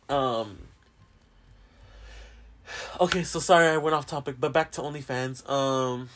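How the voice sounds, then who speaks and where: A man's voice: medium pitch, expressive, measured pace, pauses often, fairly bright tone. A young man hosting a podcast in casual chat, rambling and swearing a lot and often laughing. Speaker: podcast host.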